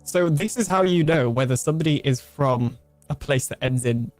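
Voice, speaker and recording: A man with a fairly high voice talks casually on a livestream. He chats in a distracted way while fixing things and keeping up with chat. Faint music plays behind him. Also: moderate pace, darkish tone, dry recording. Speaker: streamer.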